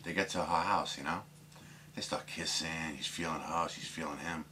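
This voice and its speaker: Low-voiced man rambling through dirty jokes. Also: steady tone, normal speed, bright, forceful tone, slight background noise. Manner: rambling, many fillers, puts on voices for characters. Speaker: joke teller. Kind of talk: casual joke telling.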